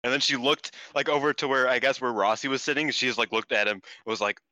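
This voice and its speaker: A man co-hosting a casual wrestling chat, animated and swearing freely, acting out what others said. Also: mid-range voice, fast talker, dry recording. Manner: animated, swears often, acts out quotes. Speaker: podcast co-host.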